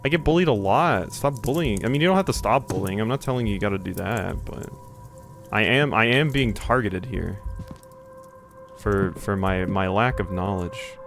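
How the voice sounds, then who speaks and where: A man's voice: lowish voice, normal speed, creaky, a bit bright, faint music behind. Rambling, swearing young male streamer. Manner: rambling, jokey, swears, reads game text aloud. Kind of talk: casual live-stream chat while gaming.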